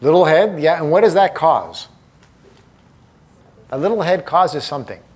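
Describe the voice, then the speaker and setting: Energetic man teaching a seminar. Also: fairly high pitch, normal speed, breathy edge. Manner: energetic, emphatic, addresses the audience directly. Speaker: motivational speaker. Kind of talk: live seminar talk.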